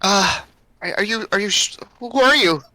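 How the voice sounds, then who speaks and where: A man's voice: high-pitched, expressive, moderate pace, bright, forceful tone, no room sound, exaggerated voice, rough recording. A man voicing a frightened ten-year-old human girl locked in a cage, stammering and repeating herself. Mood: anxious. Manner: hesitant, stammering, repeating words.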